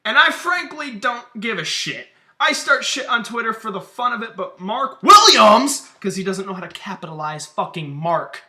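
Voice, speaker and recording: A man's voice: high voice, expressive, moderate pace, few pauses, bright, forceful tone. A man who wrestles, giving a profane, combative rant in a vlog about online feuds. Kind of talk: ranting vlog commentary.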